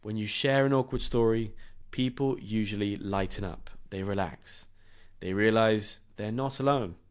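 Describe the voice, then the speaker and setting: Self-deprecating man telling a story. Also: fairly low pitch. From southern England. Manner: self-deprecating, animated, laughs at himself. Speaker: podcast host. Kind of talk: personal storytelling for English learners.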